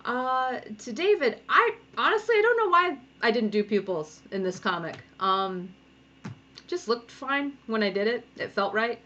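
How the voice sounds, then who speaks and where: A woman's voice: fairly high pitch, lively intonation, a little slow, bright, forceful tone. Rhode Island woman chatting while drawing. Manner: chatty, encouraging, thinking aloud while drawing. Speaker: comic artist. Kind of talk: live draw-along tutorial. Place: home studio. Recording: dull lo-fi sound with faint noise.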